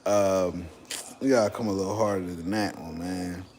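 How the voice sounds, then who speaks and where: A man's voice: low-pitched, steady tone, normal speed, a little mellow, a little hiss or hum. A young man from Texas hosting a casual livestream, joking and swearing as he banters with his chat. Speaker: livestream host.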